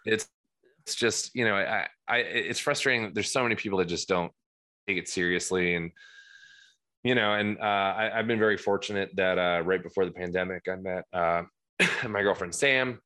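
A man in his thirties with a New Jersey accent, a podcast guest talking loudly in a rambling way with many restarts. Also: sits low, moderate pace. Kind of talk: casual podcast chat.

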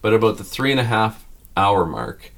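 Man, low-pitched voice, earnest storytelling, emotional and animated. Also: moderate pace, vocal fry. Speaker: guest telling a family story.

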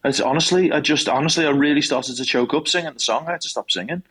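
A man's voice: a little high, fast talker, crowd noise, rough recording. A man, a guest on a football podcast, talking emphatically and swearing freely. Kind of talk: casual football chat.

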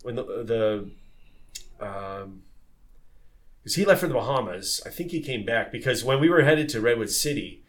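A man in a relaxed podcast conversation tells old sailing stories with lively energy. He talks in a loose way, full of fillers, restarts and repeated words. His voice sits at an ordinary middle pitch. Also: moderate pace, pauses often. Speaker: former tall ship sailor.

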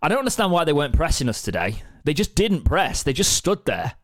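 Relaxed English man hosting a podcast. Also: on the high side, fairly quick, dry recording, clean studio sound. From England. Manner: relaxed, conversational, leads the talk. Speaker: podcast host. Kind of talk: casual football podcast chat.

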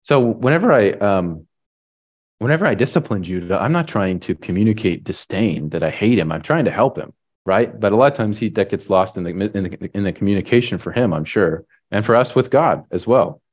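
A man preaching a sermon in a relaxed, conversational way, often tagging on "right?" and pausing with fillers. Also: fairly low pitch. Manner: halting restarts and fillers. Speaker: pastor.

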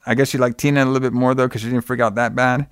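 A man's voice: mid-range voice, little pitch movement, rapid-fire, clear, resonant tone, no echo, studio quality. A man casually retelling a film's plot with lots of fillers and swearing. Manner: loose, profane retelling with many fillers. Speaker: podcast co-host recapping a film. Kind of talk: casual chat.

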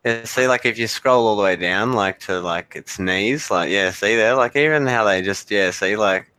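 A man's voice: lowish voice, normal speed, bright, forceful tone, clear, resonant tone, dry recording. A man co-hosting a casual chat, rambling with lots of filler words. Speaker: co-host.

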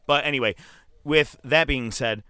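A man talks in a casual back-and-forth, his voice bright and resonant, the recording close and dry. He gets excited fast, swears freely and laughs often. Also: medium pitch, clear, resonant tone, no room sound. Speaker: podcast co-host. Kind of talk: casual chat.

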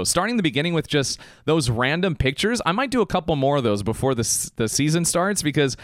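A man's voice: medium pitch, dry recording, studio quality. A man hosting a podcast and delivering an enthusiastic, hyped-up pep talk. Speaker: podcast host. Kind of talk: motivational podcast monologue.

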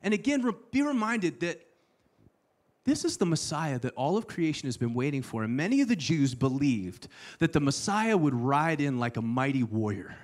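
A man preaching a sermon, telling the story with playful asides and sudden hushed lines. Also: a little high, big pitch swings, normal speed. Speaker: pastor.

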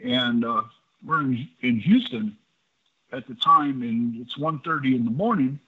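An older man and former pitcher, a guest in an interview, telling anecdotes in a lively way and acting out the dialogue. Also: measured pace, a little hiss or hum. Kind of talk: storytelling in a casual interview. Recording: dull lo-fi audio.

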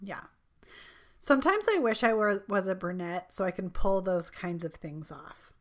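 A woman co-hosting a podcast in casual chat, playful and quick to laugh. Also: medium pitch, expressive. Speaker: podcast co-host.

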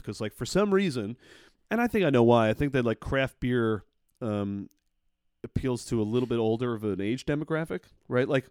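A man's voice: mid-range voice, a little mellow, clear, resonant tone, no room sound, studio quality. A man co-hosting a casual podcast, ranting with heavy swearing. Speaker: podcast co-host. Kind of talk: casual chat.

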